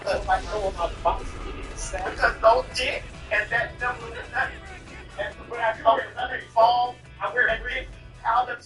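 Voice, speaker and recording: A streamer chatting casually while gaming, animated and repetitive and laughing often. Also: mid-range voice, measured pace. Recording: roomy, distant, with game music.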